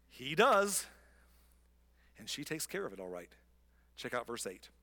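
A man's voice: mid-range voice, a little slow, pauses often. Chatty male preacher in a reverberant hall. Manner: animated, chatty, with mocking voices for characters. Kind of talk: conversational Bible teaching.

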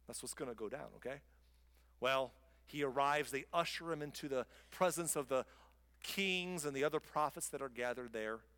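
A man's voice: medium pitch, animated, normal speed, a bit bright. A man preaching a sermon, retelling a scripture story in a casual, conversational way. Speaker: pastor. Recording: long hall reverb.

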